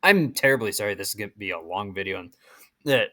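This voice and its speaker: A man's voice: lowish voice, expressive, fast, pushed and bright. Rambling man narrating a game. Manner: chatty and rambling, restarts often. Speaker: video game streamer. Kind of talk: let's play commentary. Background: game music.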